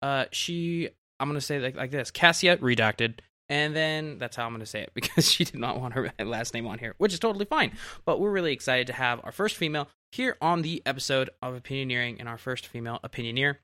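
A young adult man hosting a casual podcast, excitable and rambling, often laughing. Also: mid-range voice, a little fast, few pauses, dry recording, clean studio sound. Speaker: podcast host.

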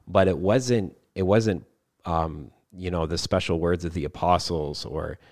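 A man's voice: sits low, a little slow, darkish tone, no echo, studio quality. A man hosting a faith podcast, talking casually with many fillers. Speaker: podcast host. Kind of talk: podcast conversation.

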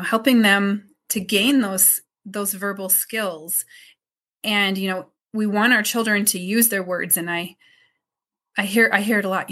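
A woman speaks slowly and gently, explaining step by step as a child mental health consultant. Her pitch sits in a middle range, and she drops softly into quiet modeled phrases. It is an unhurried interview answer.

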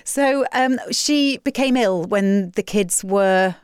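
A woman from England runs the interview with a mid-range voice. She asks gentle follow-up questions, and the recording is dry and close. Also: medium pitch, slow pace, smooth, no echo. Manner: short warm backchannels and gentle questions. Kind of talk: casual interview chat.

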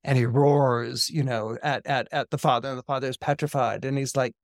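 A man's voice: medium pitch, steady tone, a little fast, hardly any pauses, no room sound, clean studio sound. A man, an astrologer, retelling a film's plot in casual storytelling with many fillers and restarts, acting out the characters' quotes.

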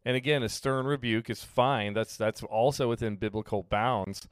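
A man preaching as a pastor in a relaxed, conversational sermon, often acting out what people say. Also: mid-range voice, normal speed, smooth, no echo, clean studio sound. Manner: conversational, with frequent fillers and acted-out quotes. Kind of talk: casual sermon teaching.

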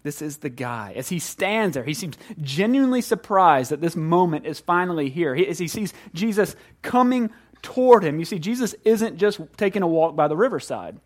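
A man preaches in a church sanctuary in a conversational, animated way, often restarting his sentences. His voice sits a little high for a man. He moves between quiet prayer and lively storytelling. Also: moderate pace. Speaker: pastor. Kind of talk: sermon.

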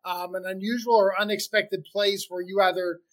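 A man's voice: sits high, flat delivery, moderate pace, fairly bright tone, poor audio. Upbeat male podcast host. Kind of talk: podcast interview and outro.

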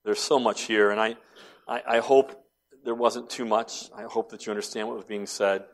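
A man preaching a sermon as pastor, building to loud impassioned cries and then dropping to soft, tender tones. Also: fairly low pitch, level tone, moderate pace.

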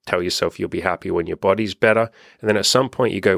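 Deep gravelly-voiced man, frank and candid. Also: fairly even intonation, fast, hardly any pauses, a bit bright, no echo, clean studio sound. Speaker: life coach. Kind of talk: casual monologue to camera.

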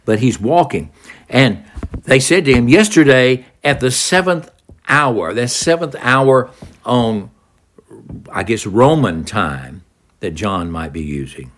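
A man teaching a Bible passage, retelling it slowly as a story and acting out the quoted words. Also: mid-range voice. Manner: slow, lively storytelling with dramatized quotes. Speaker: preacher.

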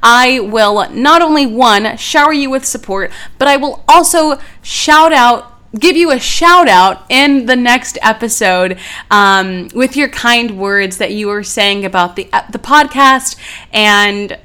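A bubbly woman chats through her solo podcast. Her voice sits a little high, and she gushes warmly to her listeners in a loose, easygoing way. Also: takes it slowly, clean tone. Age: 20s. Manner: bubbly, effusive, gushing. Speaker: podcast host. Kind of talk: casual solo podcast talk.

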